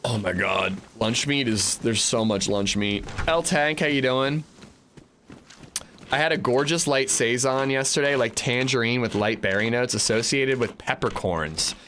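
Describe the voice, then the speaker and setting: A man's voice: mid-range voice, unhurried, a bit bright, slight background noise. A man streaming a survival game, chatting casually and answering his chat as he plays. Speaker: gaming livestreamer. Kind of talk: casual gameplay commentary.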